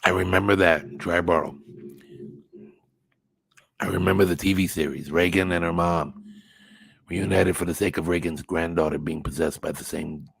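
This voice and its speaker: A man's voice: sits low, steady tone, moderate pace, creaky, pauses often, husky, no echo. A man hosting a casual livestream, chatting with viewers in a rambling way, swearing now and then and thinking aloud. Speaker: channel host reading live chat.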